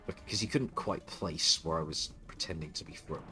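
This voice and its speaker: A man's voice: a bass voice, moderate pace, sharp tone, faint music behind. A man streaming live, ranting with open contempt and falling into frequent stuttering restarts.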